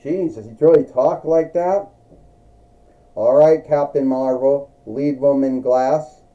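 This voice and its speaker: Brief: a man as a polite, chatty wrestling interviewer, unhurried, dull homemade recording. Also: mid-range voice, dark tone, close to an everyday voice.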